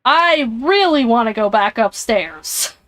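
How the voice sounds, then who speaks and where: A woman streamer with a rather high, expressive, slightly bright voice plays a game live, speaking slowly in a room with no echo. Alone with headphones on, she reads the game's text aloud and reacts with jumpy, frightened comments.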